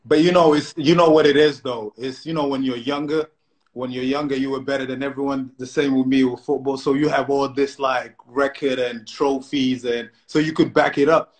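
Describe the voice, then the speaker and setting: A man's voice: medium pitch, steady tone, normal speed. A man in his thirties with a South London accent, co-hosting a casual live-stream chat in playful banter on a phone mic. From South London, England. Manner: playful banter, lots of "you know" and "man". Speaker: co-host. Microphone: phone on a live video stream.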